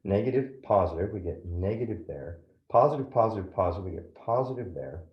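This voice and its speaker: Man, math teacher, walks through each step, animated delivery, roomy echo. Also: deep voice, a little fast, dull audio. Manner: step-by-step, asks frequent "right?" checks. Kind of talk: classroom lecture at a whiteboard.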